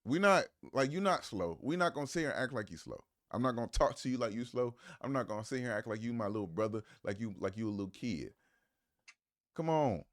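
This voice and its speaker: Brief: male streamer, live reaction, cussing, scoffing, mid-pitched voice. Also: lively intonation, quick pace. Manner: profane, mocking, incredulous.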